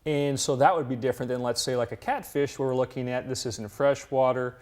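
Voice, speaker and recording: A man who is a university fish physiologist, explaining his work plainly and at a measured pace in an interview, with many fillers. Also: mid-range voice, fairly even intonation, darkish tone.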